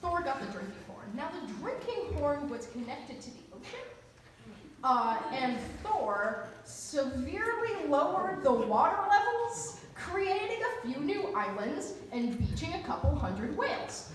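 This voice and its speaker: A woman's voice: sits high, very animated, measured pace. A woman telling a story live at a cabaret in a chatty, humorous way, full of asides. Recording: echoey venue from a distance, faint room noise.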